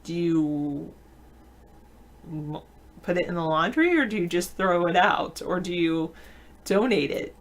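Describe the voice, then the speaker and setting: Chatty woman host, slightly low voice, answers viewer comments out loud with easy laughs. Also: animated, a little slow, pauses often. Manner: laughs often mid-sentence. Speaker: show host. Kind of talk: casual live video-chat talk.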